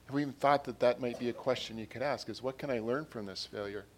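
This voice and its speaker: Man, preacher, earnest sermon, repeats himself, louder on scripture, medium-pitched voice. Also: fast, a little hiss or hum. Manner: earnest, repeats phrases, rises in volume on quotes and scripture.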